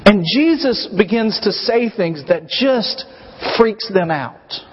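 A man preaching a sermon as pastor, telling the story in an animated way and acting out voices. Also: sits high, slow, a little hiss or hum. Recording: muffled recording with long hall reverb.

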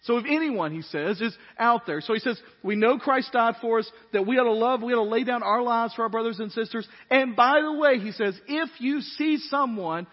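A man's voice: very high-pitched, moderate pace, hardly any pauses. A man preaching a sermon with emphatic rising phrases, often asking the congregation questions. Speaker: pastor. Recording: dull sermon audio with long hall reverb.

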